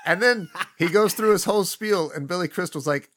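A man with a fairly high, bright voice talks casually about a film he loves. He is animated and swears freely as he retells scenes. His tone is light and forward. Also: brisk, slight background noise. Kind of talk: casual movie discussion.

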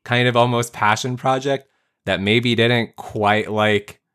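A man hosting a casual movie podcast, talking quickly and jokingly with his co-hosts. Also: mid-range voice, fairly even intonation, a bit bright, smooth. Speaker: podcast host.

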